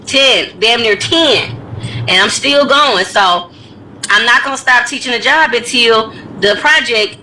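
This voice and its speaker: Woman vlogger, casual rant, animated and blunt with cursing, bright forward tone, faint rumble underneath. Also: measured pace, rough recording. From United States. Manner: animated storytelling, blunt and profane.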